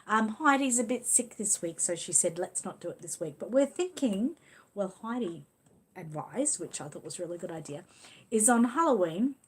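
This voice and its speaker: A woman's voice: mid-range voice, animated, normal speed, breathy edge. Chatty Australian woman hosting a livestream. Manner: chatty, rambling, coos affectionately. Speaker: livestream host. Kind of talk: casual livestream chat reading comments.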